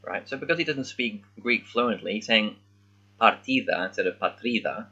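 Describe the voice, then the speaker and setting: A man reading along with a children's book as a language learner, thinking aloud and sounding out words haltingly in casual commentary. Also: fairly low pitch, animated, bright, forceful tone, slightly rough, highs cut off.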